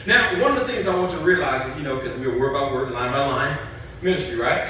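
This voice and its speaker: Man preaching, bright voice, echoey church hall from far off, faint room noise. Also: mid-range voice, a little fast. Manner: animated, rhetorical questions to congregation. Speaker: pastor. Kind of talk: sermon. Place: church sanctuary.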